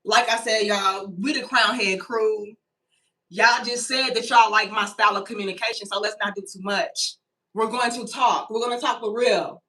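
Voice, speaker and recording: A woman's voice: medium pitch, fairly even intonation, moderate pace, bright, forceful tone, recorded from a distance. A woman in her thirties, chatting casually and profanely straight to her viewers while she tells a personal story. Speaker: vlogger.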